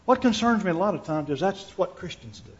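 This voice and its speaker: A man's voice: high voice, expressive, a little fast. A man preaching a sermon to his congregation, earnest, restarting his words and putting questions to the listeners. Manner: earnest, repeats words while thinking, asks the listeners questions. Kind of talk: sermon with scripture reading. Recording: dull lo-fi recording.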